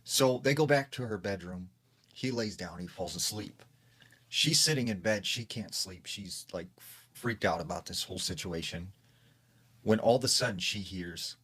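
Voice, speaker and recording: A man's voice: on the low side, unhurried, fairly bright tone, breathy edge. A man casually retelling a secondhand creepy story, peppering it with filler words.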